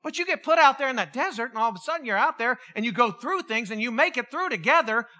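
Speaking quickly in a mid-range voice, a middle-aged preacher gives a lively, story-driven sermon. He dramatizes quoted characters with different voices and peppers the telling with jokes.

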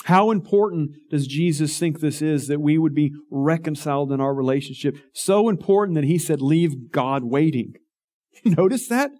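Earnest, slightly high-voiced male preacher. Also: moderate pace, dark tone. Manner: earnest, emphatic preaching with rhetorical questions. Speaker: pastor. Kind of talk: sermon.

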